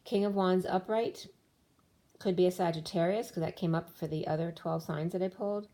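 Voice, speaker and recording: Tarot reader, woman, fairly low and mellow, voice going hoarse, meandering read-through of cards. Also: steady tone, moderate pace. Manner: rambling, listing cards with many restarts. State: losing her voice. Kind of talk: tarot card reading.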